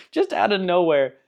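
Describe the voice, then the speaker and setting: A man's voice: high voice, darkish tone, highs cut off. A man giving a casual spoken book review, rambling and enthusiastic, laughing now and then at the funny parts.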